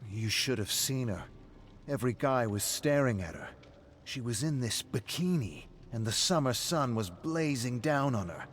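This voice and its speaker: A man voicing a hot-tempered, defensive drunk brawler who talks in gruff, curt bursts. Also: mid-range voice, lively intonation, moderate pace, hardly any pauses, fairly bright tone, slight background noise, voice pushed up, lightly acted. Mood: boastful.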